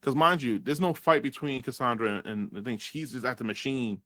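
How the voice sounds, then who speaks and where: A man's voice: mid-range voice, fairly quick, bright, forceful tone, no echo. Rambling, profane male movie reviewer. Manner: rambling, profane, acts out characters' lines. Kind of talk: casual chat.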